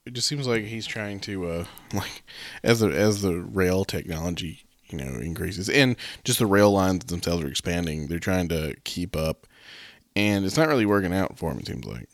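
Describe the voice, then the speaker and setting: A man's voice: sits low, lively intonation, moderate pace, no room sound, clean studio sound. A man co-hosting a podcast, thinking aloud in a hesitant, musing way with lots of fillers. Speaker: podcast co-host. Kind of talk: casual podcast chat.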